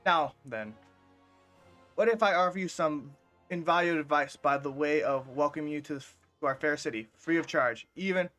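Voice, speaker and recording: Man reading cocky street informant, halting, stumbling, higher voice, faint game music. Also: fairly bright tone, natural voice. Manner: read aloud haltingly with stumbles. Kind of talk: reading game dialogue aloud.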